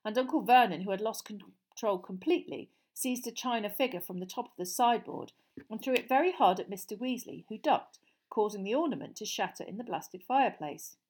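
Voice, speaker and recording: A woman narrating a storybook audiobook in a steady, clear reading voice. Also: medium pitch, a little fast.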